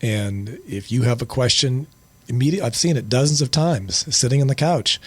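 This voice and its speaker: An older man, a guest on a podcast, telling stories in reflective, pausing casual talk. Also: medium pitch, expressive, husky, dry recording. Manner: reflective storytelling, many pauses. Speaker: podcast guest, host's father.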